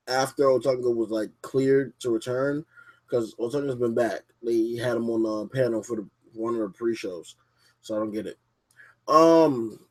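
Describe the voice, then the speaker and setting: A young man hosting a casual podcast from his basement, rambling and cursing freely as he reviews wrestling and mocks a viewer who left. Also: mid-range voice. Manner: profane, rambling, mocking. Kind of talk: casual livestream podcast rant. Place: home basement.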